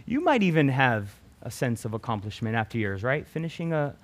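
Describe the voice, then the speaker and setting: Man, youth Bible teacher, casual sermon, conversational, repeats "right?", restarts phrases, mid-pitched voice. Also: very animated, fairly quick. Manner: keeps adding "right?" tag questions.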